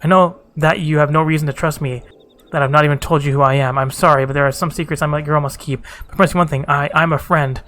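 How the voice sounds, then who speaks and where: A wounded young woman from a fantasy game, secretive yet earnest as she pleads for trust, read by a man. The voice is bright and slightly high. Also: steady tone, quick pace, slight background noise, close to an everyday voice. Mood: pleading.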